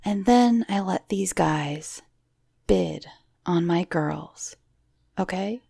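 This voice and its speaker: A woman voicing a pushy, smooth-talking male photographer who flatters and coaxes, in a storytelling recording. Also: drawn-out words, no room sound, clean studio sound, full character voice. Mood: coaxing. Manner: wheedling, pushy sales pitch.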